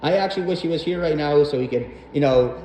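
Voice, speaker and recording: Talking fast in a fairly high, dark-toned voice, a young man hosts a podcast and rambles through a personal story, swearing often and using plenty of fillers. The casual monologue carries a roomy echo and faint background noise.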